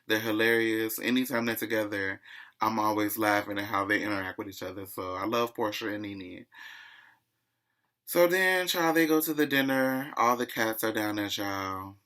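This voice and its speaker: A man's voice: lowish voice, normal speed, bright, forceful tone. Gossipy man recapping reality TV. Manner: chatty and gossipy, keeps saying "child".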